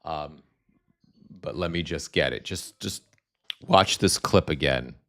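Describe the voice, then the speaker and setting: Low-voiced man, casual live-stream host at home, rambling, self-mocking, crackly, crisp edge. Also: slow, fairly bright tone. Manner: rambling, self-deprecating, many restarts.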